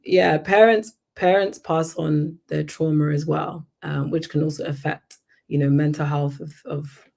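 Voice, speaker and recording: A woman's voice: low-pitched, creaky, a little mellow. A woman hosting a podcast, talking casually and affirming her guest often. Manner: supportive listener, frequent affirmations. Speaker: podcast host.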